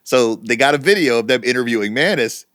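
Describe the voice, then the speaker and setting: Animated middle-aged man, casual co-host. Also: mid-range voice, brisk, dry recording, studio quality. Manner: animated storytelling, swearing freely. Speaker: podcast co-host. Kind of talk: casual chat.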